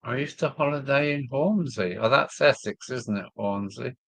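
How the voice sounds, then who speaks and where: Gravelly yet fairly bright, his mid-range voice moves at a moderate pace with no echo. He's a model railway live stream host from Kent with a southern English accent, casually going through viewer comments and rambling with lots of fillers and trailing ums.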